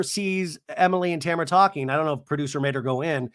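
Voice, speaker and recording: A man hosting a podcast, giving a casual, gossipy recap with animated, swearing, exasperated asides. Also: a little high, clear, resonant tone, dry recording, clean studio sound. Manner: does quick voices for the people he quotes. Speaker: podcast host recapping a reality show.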